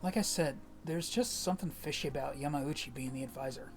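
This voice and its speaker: A brash teenage ex-athlete with a blunt, slangy way of talking and a temper that flares at authority, as a streamer voices him in a fan reading of a game. The voice sits at an ordinary middle pitch, pushed a little lower. Faint game music plays underneath. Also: a little fast, lightly acted. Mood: confiding. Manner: blunt slangy talk, mild cursing. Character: brash teenage boy, hot-headed ex-athlete.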